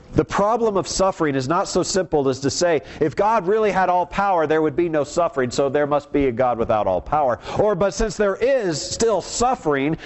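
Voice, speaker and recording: A man preaching a sermon, reading scripture verses aloud and explaining them earnestly, slowing down on key words. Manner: slows for emphasis, varied pitch.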